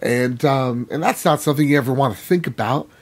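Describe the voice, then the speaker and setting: A man's voice: medium pitch, a little fast. A man co-hosting a casual gaming podcast, talking earnestly, swearing freely and saying "like" a lot. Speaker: podcast co-host.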